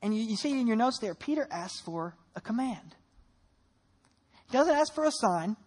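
A woman preacher delivers a lively sermon with a somewhat high, husky voice. She retells the stories vividly and asks her listeners a string of rhetorical questions. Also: normal speed. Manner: animated storytelling with rhetorical questions.

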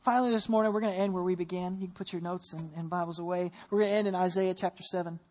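A pastor preaching a sermon in a church, telling a story with lively rhetorical questions and dropping into soft, low tones for prayer. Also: rapid-fire.

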